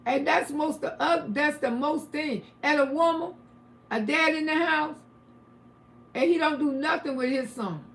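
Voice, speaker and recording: Gravelly high-voiced older woman. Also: unhurried, a little hiss or hum. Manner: preachy, blunt, swings into loud shouting. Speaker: livestream host. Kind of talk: casual livestream commentary, reading chat.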